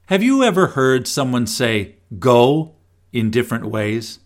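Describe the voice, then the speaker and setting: A man reading scripture and a family devotional in an expressive storytelling manner. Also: medium pitch. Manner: slow, expressive storytelling with voiced quotes.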